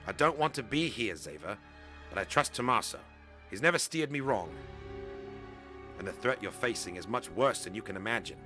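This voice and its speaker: A man's voice: fairly low pitch, lively intonation, normal speed, long pauses, over music, close to an everyday voice. A man reading as a wary male alien informant. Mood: urgent.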